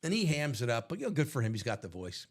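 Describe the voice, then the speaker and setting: A man's voice: mid-range voice, sing-song, quick pace. A man co-hosting a live sports card break, chatting and rambling through sports tangents. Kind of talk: casual live-stream banter.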